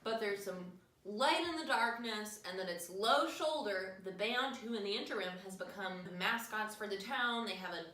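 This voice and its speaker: A young woman hosting a podcast, tipsy on wine, recapping a film in a jokey, animated way and acting out quotes. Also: mid-range voice, normal speed. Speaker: podcast host. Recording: echoey room, distant mic, faint noise.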